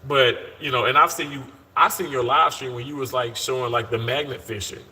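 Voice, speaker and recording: Fairly quick, pushed and bright, his mid-range voice carries a casual live stream from the hospital. The speaker is a surgical worker in his thirties, upbeat and chatty, who calls viewers y'all and often restarts what he's saying.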